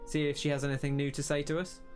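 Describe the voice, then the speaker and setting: A young man talks through his gameplay in a loose, musing way, often stopping to rethink. His voice sits a bit high for a man. Soft game music plays faintly underneath. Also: monotone, fast talker. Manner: musing, rambling, self-interrupting. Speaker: let's play host. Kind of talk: casual gameplay commentary.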